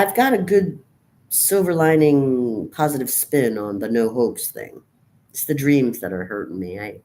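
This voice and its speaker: A woman's voice: rumbling low, a little mellow. A woman in her fifties, depressed and weary, talking in a profane, rambling, bleak monologue to her camera. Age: 50s. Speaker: vlogger.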